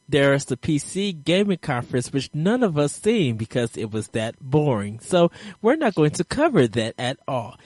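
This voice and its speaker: A man's voice: mid-range voice, no room sound. A man hosting a casual gaming podcast, rambling along with frequent ums and uhs. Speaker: podcast host.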